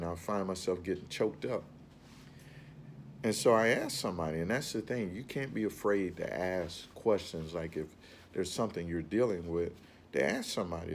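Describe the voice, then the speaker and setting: A man's voice: sits low, a little hiss or hum. A man giving an earnest, rambling motivational talk about facing fear, often repeating his phrases.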